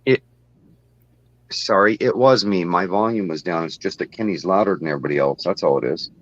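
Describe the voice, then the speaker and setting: A man's voice: low-pitched, a little fast, lo-fi sound. A man chatting on a live stream, rambling through his explanations with lots of fillers. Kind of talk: casual live-stream chat.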